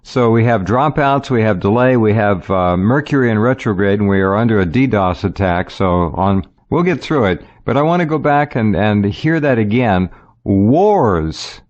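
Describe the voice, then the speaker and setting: A man's voice: on the low side, animated, normal speed, a little mellow. A man hosting a radio talk show, chatting casually and often repeating words as he starts a sentence. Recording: dull lo-fi audio.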